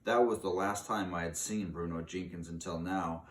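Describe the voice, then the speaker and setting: Low-voiced man reading a storybook aloud. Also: fairly even intonation, normal speed. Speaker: reader. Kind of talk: reading a children's book aloud. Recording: roomy, distant mic.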